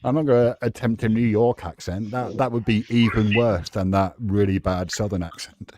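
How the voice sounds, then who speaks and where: British man, lowish voice, cheeky banter, casual stream chat. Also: steady tone, normal speed, background noise. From United Kingdom. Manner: teasing, swears casually.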